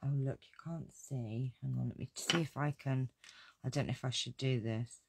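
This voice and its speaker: A woman chats away while she makes a craft project, joking about herself and laughing often. Her voice has a lot of gravelly fry. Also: a bass voice, fairly even intonation, moderate pace, a little hiss or hum. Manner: chatty, self-deprecating, laughs often. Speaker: crafting video host. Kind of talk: casual live crafting chat with viewers.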